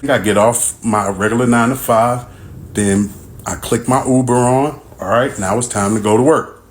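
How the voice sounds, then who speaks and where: A man telling a personal story in a casual, animated and exasperated way. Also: medium pitch, normal speed.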